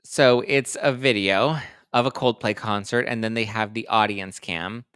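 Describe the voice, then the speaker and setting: Man, gossip show host, sassy and playful, lowish pitch, crisp bright tone, dry close sound. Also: fairly even intonation, moderate pace, no echo. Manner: sassy and playful, with dramatic mock-outraged asides. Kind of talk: casual gossip commentary reading viewer comments.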